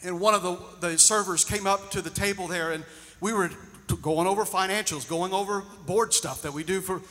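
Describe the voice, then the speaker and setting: A male pastor preaching a sermon, moving between loud emphatic lines and hushed storytelling. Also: high voice, normal speed. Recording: long reverb of a large hall.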